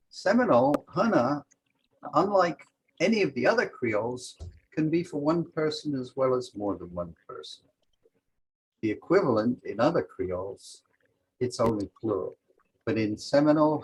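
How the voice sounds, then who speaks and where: A man's voice: medium pitch, husky, poor audio. A man teaching a language lesson over a video call, methodically walking through example sentences step by step.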